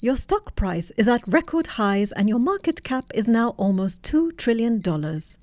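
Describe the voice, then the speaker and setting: A woman voicing a meek female AI voice assistant in a storybook reading, speaking high and politely. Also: big pitch swings, normal speed, a little mellow, slight background noise.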